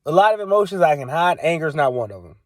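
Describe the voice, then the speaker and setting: Young man, slightly high voice, dry close sound, casual venting story. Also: lively intonation, quick pace, dry recording. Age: young adult. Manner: exasperated, repetitive, emphatic. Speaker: vlogger.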